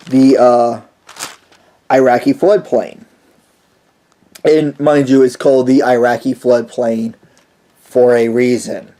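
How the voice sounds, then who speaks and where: A man guest-presenting a casual explainer monologue, speaking bluntly and haltingly, with frequent restarts and pauses. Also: mid-range voice, mellow. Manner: blunt, dismissive of the story.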